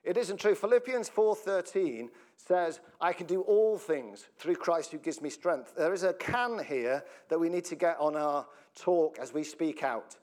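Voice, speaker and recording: A man's voice: fairly high pitch, lively intonation, measured pace, few pauses, darkish tone. A man preaching a sermon as pastor, chatty and joking, often laughing and asking the congregation questions. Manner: jokey, laughs often, breaks up mid-sentence; conversational, asks the congregation questions.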